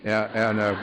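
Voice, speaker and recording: A man's voice: on the low side, background noise. Wry self-mocking man telling his story. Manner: wry, self-mocking, lots of fillers and chuckles. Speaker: speaker sharing a recovery story. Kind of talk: storytelling to an audience.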